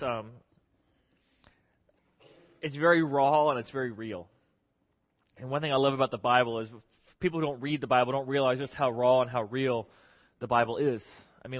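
A man's voice: mid-range voice, fairly bright tone. A man preaching a casual, joking sermon as a pastor, acting out the voices of churchgoers. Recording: long hall reverb.

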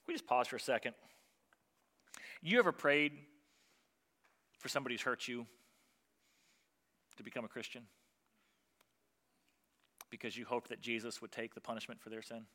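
A male pastor preaching with a bright, forceful tone. He tells the story vividly and acts out the people in it. He pushes hard on key lines, then drops almost to a hush. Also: mid-range voice, normal speed, pauses often. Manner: animated storytelling, acting out voices of biblical figures; swings from loud and emphatic to quiet and soft. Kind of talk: sermon.

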